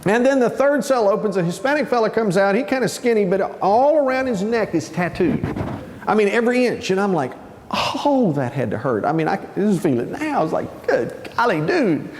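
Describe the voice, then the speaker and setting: Animated storytelling man, high voice. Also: fairly quick, slight background noise. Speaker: conference speaker. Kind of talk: humorous storytelling talk. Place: conference hall. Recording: reverberant conference hall.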